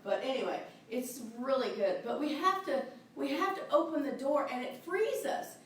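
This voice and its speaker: A middle-aged woman minister preaches in a chatty, enthusiastic way, laughing as she goes. Her voice is high. It is picked up from far off in a very echoey church, with a faint hum of room ambience behind it. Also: lively intonation, moderate pace. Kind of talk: sermon. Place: church sanctuary. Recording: very echoey, distant mic in a church.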